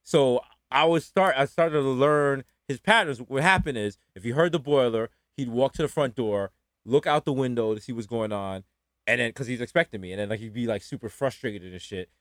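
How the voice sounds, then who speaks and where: A man from the Bronx, telling stories on a podcast and jumping into high mocking voices for quotes. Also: fairly quick, a bit bright, dry recording, studio quality. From the Bronx, New York. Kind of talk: storytelling.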